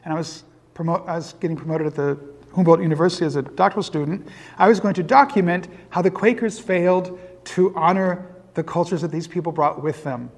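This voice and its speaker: A high-voiced man in his fifties from Iowa gives a lecture and wanders off into personal asides. He mocks his own younger mistakes with easy humor. His voice carries a long reverb from a large hall. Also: fairly quick, darkish tone. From Iowa, USA. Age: 50s. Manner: self-deprecating, digressive storyteller. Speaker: guest lecturer. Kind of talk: public lecture with personal anecdotes.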